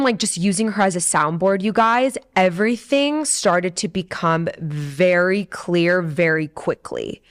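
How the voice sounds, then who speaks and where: A woman in her twenties, a podcast host, telling a personal story in a candid, emotional, chatty way, full of fillers and the odd swear. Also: on the low side. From San Diego, USA. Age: 20s. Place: studio.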